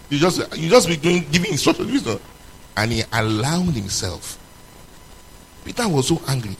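Preacher, lively swooping delivery. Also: male voice, moderate pace, long pauses, a little hiss or hum, poor audio. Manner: animated preaching, swinging between loud emphatic questions and low, quiet passages. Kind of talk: sermon.

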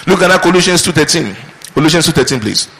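A man pastor preaching a sermon with lively rhetorical questions. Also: on the high side, fast talker. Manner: animated preaching with mimicked prayers and rhetorical questions. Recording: reverberant hall.

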